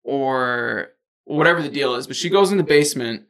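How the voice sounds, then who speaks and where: A man on a podcast talks through a movie plot in a loose, rambling way. He leans hard on fillers as he goes, and his voice has a gravelly edge. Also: mid-range voice, lively intonation, normal speed, fairly bright tone. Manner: rambling storyteller, many fillers like "like" and "or whatever". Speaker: podcast co-host. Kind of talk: casual chat, retelling a movie plot.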